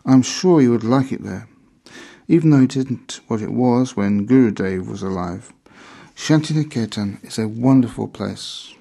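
A man's voice: animated, normal speed, creaky, warm tone. A man reading the lines of a frail, devout woman in her fifties, speaking fervently in a quavering voice. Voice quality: high-pitched, quavering.

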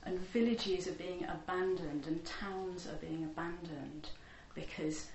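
A woman tells a teaching story with lively energy, stopping for ums and small laughs as she warms up. Her voice carries through a roomy hall, and a faint background hum sits underneath. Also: fairly low pitch, measured pace. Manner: animated, laughing, many fillers, acts out voices. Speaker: Buddhist teacher. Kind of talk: storytelling dharma talk.

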